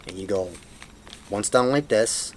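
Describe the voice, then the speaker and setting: A man's voice: fairly low pitch, unhurried, slight background noise. A man casually walking through a puzzle tutorial at home, self-deprecating and apologetic as he fumbles, recorded on a camera mic. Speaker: hobbyist showing a puzzle solve.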